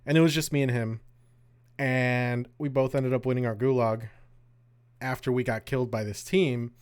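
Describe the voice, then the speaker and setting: A young man co-hosting a podcast, explaining games in a relaxed, casual way. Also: mid-range voice, normal speed, clear, resonant tone. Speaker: podcast co-host. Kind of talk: casual chat.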